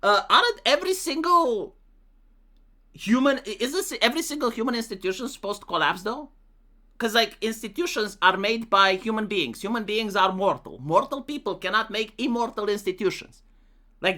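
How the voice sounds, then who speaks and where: A man's voice: high-pitched, bright, forceful tone. A man from Romania with a Romanian accent, talking casually through comments on his channel and reading some aloud in a mocking voice. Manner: talks with many "like" fillers, reads comments out in a mocking voice. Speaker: commentary YouTuber.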